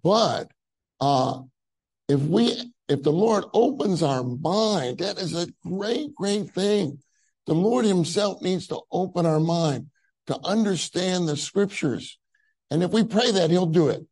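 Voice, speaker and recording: A man's voice: sits high, expressive, slow, a little mellow, slightly rough, rough recording. A man preaching a conference sermon in a conversational way, with many fillers and rising emphasis on key phrases.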